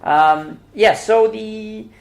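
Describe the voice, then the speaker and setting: A man's voice: high voice, extremely slow, vocal fry. A man co-hosting a podcast about films, talking in a rambling, hesitant casual chat, often laughing at his own jokes. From North America. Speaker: podcast co-host.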